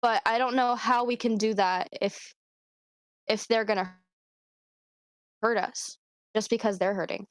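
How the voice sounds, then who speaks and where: Young woman co-host, higher voice, candid rambling confession style, dry close sound. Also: fairly even intonation, a little slow, long pauses, dry recording. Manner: open, rambling, emotional confiding with frequent swearing. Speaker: podcast co-host. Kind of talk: casual chat.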